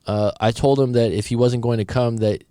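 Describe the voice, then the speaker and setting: A man's voice: medium pitch, fairly even intonation, brisk, dark tone, clear, resonant tone, dry recording. A man, a breakup coach, reads out a viewer's story and comments on it in a casual, direct way, sometimes stumbling over his words. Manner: casual and direct, thinks aloud, some stumbles.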